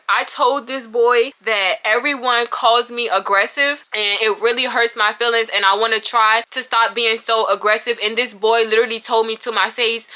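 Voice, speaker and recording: Young woman, blunt and heated vlogger, piercing bright voice. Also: on the high side. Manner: heated, blunt, swears freely, reads text messages aloud. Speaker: YouTuber telling her side of a falling-out. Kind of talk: emotional storytime vlog.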